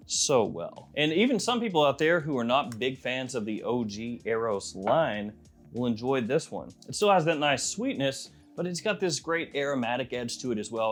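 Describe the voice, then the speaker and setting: A man with a Southern accent talking casually through fragrance reviews in an easygoing, musing way. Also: medium pitch. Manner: chatty, easygoing, muses aloud.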